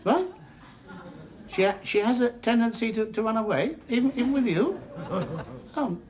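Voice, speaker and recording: An actor playing a fussy, indignant middle-aged husband who stammers and blusters, in a 1980s British sitcom. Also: male voice, extremely high pitch, animated, normal speed. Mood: flustered. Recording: TV studio with loud noise and audience laughter.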